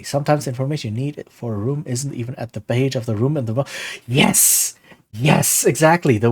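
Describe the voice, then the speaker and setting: In a mid-range, slightly rough voice, a man streams live and talks animatedly about running tabletop games. It's casual game-design talk full of rhetorical "right?" questions, and he reads viewers' chat out loud before answering it.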